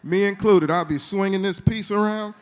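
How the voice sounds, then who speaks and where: A man speaking at a church service, telling a trip story in a relaxed, joking conversational way. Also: high voice, moderate pace, slight background noise. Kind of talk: sermon testimony.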